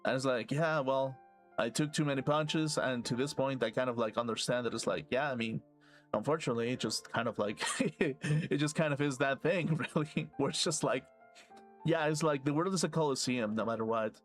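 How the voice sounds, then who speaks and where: Male streamer, mid-pitched, loose profane ramble, faint game music behind. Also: normal speed. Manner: rambling, profane, laughs to himself. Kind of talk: casual rambling rant while gaming.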